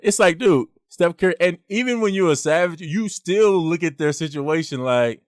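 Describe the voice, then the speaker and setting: A man's voice: on the high side, expressive, normal speed, few pauses, no echo, clean studio sound. A young man hosting a casual podcast, arguing his point with slang and emphatic rhetorical questions. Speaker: podcast host.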